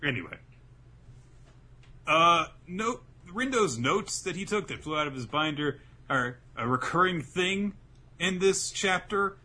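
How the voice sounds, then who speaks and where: A man's voice: fairly high pitch, animated, unhurried, sharp tone, breathy edge. A man co-hosting a podcast, recapping a manga chapter in a rambling, sarcastic casual chat. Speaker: podcast co-host.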